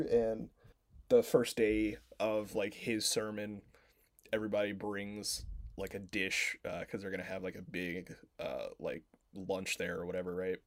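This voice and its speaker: A man's voice: fairly low pitch, level tone, unhurried, dry recording. A man co-hosting a podcast, casually retelling a film plot in a rambling way, full of filler words and swearing. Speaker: podcast co-host.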